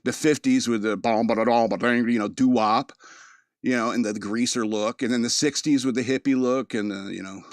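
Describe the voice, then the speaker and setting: A man's voice: medium pitch, fairly even intonation, fairly quick, no room sound, studio quality. Rambling man with a mid-Atlantic American accent. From East Coast of the United States. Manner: rambling, joking, laughs often. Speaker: podcast host. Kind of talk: casual monologue.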